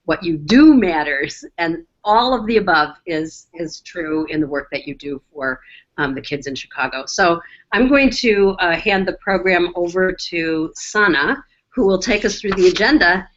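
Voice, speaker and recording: Woman giving a webinar welcome, low voice. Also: animated, moderate pace. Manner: warm, hesitant, with restarts. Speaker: executive director welcoming attendees. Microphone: video call. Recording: dull lo-fi online call audio.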